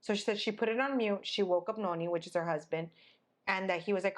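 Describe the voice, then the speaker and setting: Expressive young woman telling a story. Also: on the low side, fairly quick. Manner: expressive, dramatic storyteller who acts out the people she quotes. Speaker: podcast co-host. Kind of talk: casual storytelling chat.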